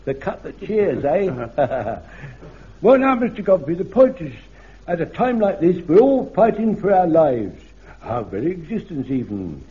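A flustered, fussy old soldier. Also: male voice, fairly high pitch, big pitch swings, a little slow. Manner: fussy, rambling, stammering. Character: flustered elderly platoon man, eager and nervous. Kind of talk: vintage radio comedy acting. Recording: dull lo-fi archive radio recording with faint hiss.

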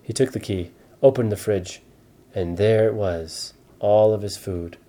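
A man telling an improvised bedtime story to a child, slow and gentle. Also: on the low side. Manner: slow, soft, animated voices for dialogue.

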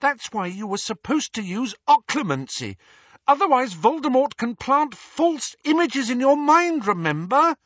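A man voicing an anxious, bossy teenage girl witch in an audiobook, shrill and lecturing. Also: very animated, unhurried, a bit bright, no room sound, full character voice. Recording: dull, muffled audiobook sound.

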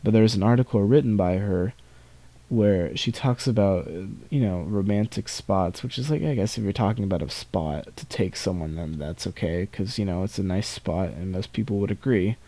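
Rambling teenage guy, low mellow voice. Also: normal speed, no echo. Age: teens. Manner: rambling, many restarts and asides. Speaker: podcast host. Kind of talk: casual solo monologue.

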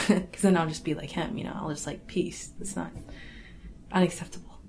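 A young woman telling a personal family story in a casual, halting way, full of "like" and "you know.". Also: lowish voice, steady tone, a little mellow, a little hiss or hum. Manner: casual, halting, lots of fillers and restarts; laughs wryly through awkward memories. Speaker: interviewee.

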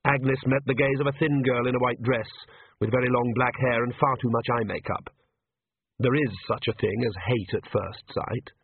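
A man's voice: mid-range voice, steady tone, normal speed, husky, no echo. A man narrating an audiobook with wry, dry storytelling, on a tinny phone-like recording.

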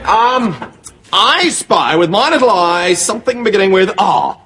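A jolly naive young lieutenant. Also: male voice, sits high, lively intonation, unhurried, pushed and bright, exaggerated voice. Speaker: army lieutenant. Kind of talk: studio sitcom acting. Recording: hissy TV recording with noise. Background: studio audience laughter.

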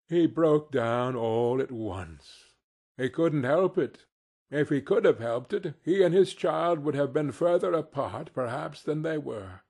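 A man reading a classic story aloud as an audiobook narrator, measured and expressive. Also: on the high side, breathy edge.

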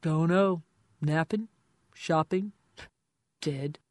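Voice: medium pitch, dry recording, studio quality. A narrator putting on a drunk, slurring young man. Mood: careless. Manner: slow, mumbling and sulky. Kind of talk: audiobook character voice.

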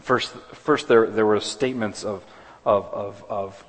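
A man's voice: on the low side, fairly even intonation, unhurried. A man preaching a sermon as pastor, earnest, often restarting and repeating words. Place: church sanctuary. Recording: long hall reverb.

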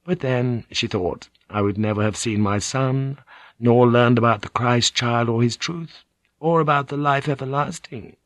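A man reading an audiobook as the narrator in a measured, low-key way. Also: dry recording. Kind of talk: scripted narration.

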